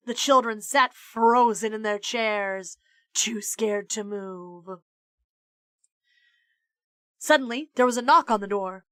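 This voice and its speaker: A woman reading a children's story aloud at a slow, deliberate pace. Her tone is bright and clear, recorded close and dry. She throws herself into the characters, leaping up to high excited voices. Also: no room sound. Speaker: streamer reading a children's book. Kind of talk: expressive read-aloud storytelling.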